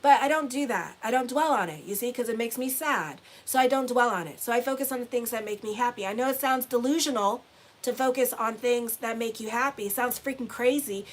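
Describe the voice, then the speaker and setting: A woman's voice: on the high side, a little fast. A middle-aged woman astrologer talking casually to her viewers, blunt and swearing freely, repeating phrases for emphasis. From Haitian heritage. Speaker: astrologer and tarot reader. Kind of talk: casual motivational talk to viewers.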